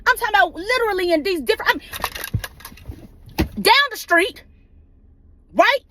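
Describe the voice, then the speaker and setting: A woman's voice: very high voice, lively intonation, unhurried, background noise. A woman ranting passionately in her car, swearing freely and firing off rhetorical questions. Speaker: vlogger ranting on legal news. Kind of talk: impassioned rant.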